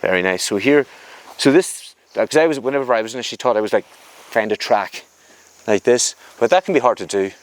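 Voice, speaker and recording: A man's voice: mid-range voice, brisk. A man teaching a jiu-jitsu class, explaining moves while he demonstrates them on a partner and often repeating words as he goes. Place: training mat, indoors.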